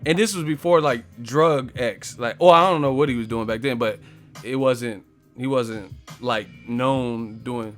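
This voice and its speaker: A man's voice: mid-range voice, normal speed, a bit bright, soft background music. A man hosting a casual live stream, telling profane stories and laughing often.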